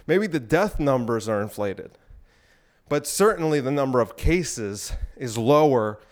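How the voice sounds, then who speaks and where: A man's voice: mid-range voice, lively intonation, unhurried. A young man hosting his podcast, ranting crudely with many asides while exercising on an elliptical. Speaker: podcast host. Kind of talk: rambling solo podcast talk.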